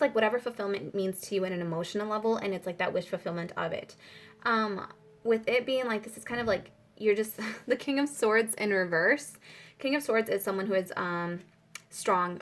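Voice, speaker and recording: In a fairly bright tone at medium pitch and moderate pace, a young woman delivers an informal spiritual tarot reading. She rambles with plenty of fillers and pauses her reading to pray out loud.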